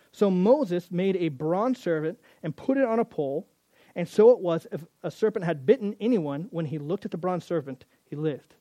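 A man preaching a sermon in a conversational, animated way, often acting out the voices of the people in his story. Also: high voice, moderate pace, no echo, muffled recording. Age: adult. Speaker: pastor.

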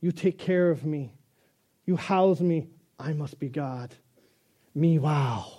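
A man's voice: fairly high pitch, slow pace, warm tone. A male pastor voicing a smug, self-admiring house cat in a sermon joke.

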